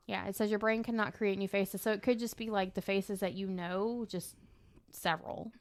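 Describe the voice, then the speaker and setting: A woman's voice: mid-range voice, steady tone, normal speed, no room sound. A woman co-hosting a podcast who reads research aloud in a casual chat and riffs on it bluntly, with some swearing. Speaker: podcast co-host.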